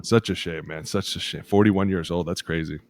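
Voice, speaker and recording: A man's voice: sits low, fairly even intonation, brisk. A man co-hosting a football podcast, telling stories in casual profane chat and acting out quotes. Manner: profane, storytelling, acts out quotes. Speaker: podcast co-host, former lineman.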